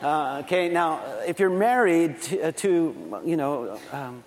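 A man's voice: a little high, lively intonation, measured pace, long reverb tail. A middle-aged man preaching a sermon, telling family stories with a laughing, self-deprecating manner. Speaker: pastor.

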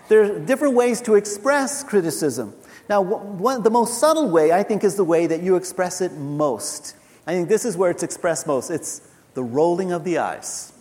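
A male pastor giving a sermon in an animated, conversational way with laughing asides. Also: high-pitched, a little hiss or hum. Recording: large hall reverb.

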